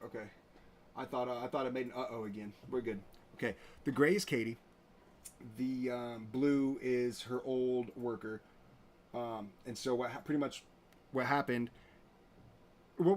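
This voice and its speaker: A man's voice: mid-range voice, fairly even intonation, moderate pace. A man hosting a show, talking casually and with indignation, full of fillers and restarts. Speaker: host. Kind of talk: casual commentary reading out messages.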